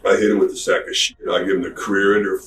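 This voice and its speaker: A man casually telling an anecdote as a podcast guest, slangy and animated, recorded from a distance in an echoey room. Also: low-pitched, racing. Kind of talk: storytelling anecdote.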